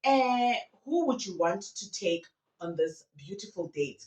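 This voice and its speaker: A woman's voice: mid-range voice, expressive, measured pace, darkish tone. Woman, mocking storyteller who does the voices; roomy echo. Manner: dramatic, mocking, switches into voices of the people in the story. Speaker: commentator retelling a radio prank. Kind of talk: animated storytelling commentary.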